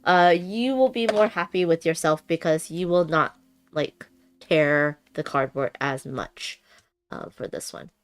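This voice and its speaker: A woman's voice: sits low, unhurried, smooth, no room sound, faint music behind. A woman chatting casually with her live-stream viewers while unboxing a board game, bubbly, laughing often and using many fillers. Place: home room with noisy bathroom upstairs.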